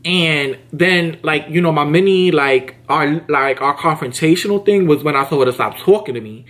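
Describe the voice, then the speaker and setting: A young man telling a casual storytime to camera, slangy and emphatic, often jumping his pitch up high to act out what people said. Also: moderate pace. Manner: animated, slangy and emphatic, acts out quotes with big pitch jumps. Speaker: vlogger.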